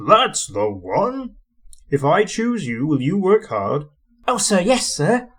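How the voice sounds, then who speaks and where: A man's voice: a little high, big pitch swings, slow pace, a bit bright, breathy edge, pitched above the performer's own voice, heavily acted. A man playing a firm, stern railway boss. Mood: kind.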